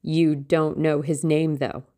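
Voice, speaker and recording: A woman's voice: on the low side, moderate pace, gravelly, a little mellow. A woman voicing a sullen, blunt young man who speaks harshly and insistently.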